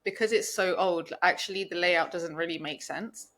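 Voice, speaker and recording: A woman's voice: fairly low pitch, moderate pace, a bit bright. A young woman co-hosting a podcast, talking casually and rambling with many restarts and fillers. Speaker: podcast co-host. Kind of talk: casual chat.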